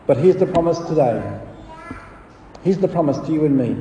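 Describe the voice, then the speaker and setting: A man's voice: a little high, lively intonation, moderate pace, pauses often, mellow, slight background noise. A male pastor preaching a sermon, asking rhetorical questions and swelling on key phrases. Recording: echoey hall from far off.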